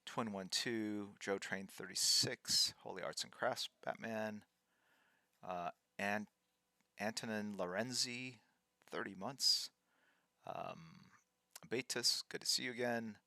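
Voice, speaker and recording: A man hosting a live stream, reading out subscriber thank-yous in a halting way, with fillers between names. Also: on the low side, sharp tone, no echo.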